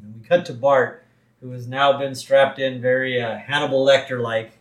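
A man co-hosting a podcast in a casual recap chat, laughing often and jumping up in pitch when he quotes characters. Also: steady tone, moderate pace, roomy sound, low-quality recording. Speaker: podcast co-host.

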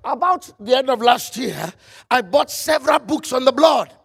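A man preaching a fervent sermon, quoting scripture in old-style phrasing and breaking into shouts. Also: very high voice, expressive, moderate pace, gravelly, slightly rough.

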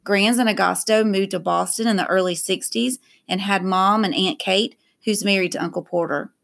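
A woman reading a novel aloud in a steady, even narration. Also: mid-range voice, normal speed, gravelly. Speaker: reader.

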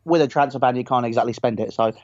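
Fast-talking young man, dull mic. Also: mid-range voice, no room sound. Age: young adult. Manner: quick, eager, excitable. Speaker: podcast co-host. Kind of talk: casual football chat.

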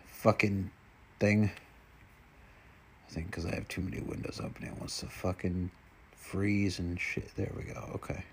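Guy with a low gravelly voice muttering and cussing at his computer, super casual. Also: level tone, moderate pace, long pauses. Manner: rambling, swears often, mutters to himself. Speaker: vlogger. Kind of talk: casual solo chat while browsing.

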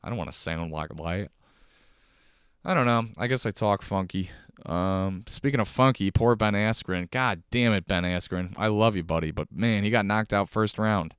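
A young man with a Chicago accent hosts his podcast alone from his couch. His low voice is smooth and resonant, and the sound is close and dry with no room echo. He rambles and swears freely, poking fun at himself. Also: moderate pace. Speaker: podcast host. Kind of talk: casual solo podcast rambling. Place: home, on a couch.

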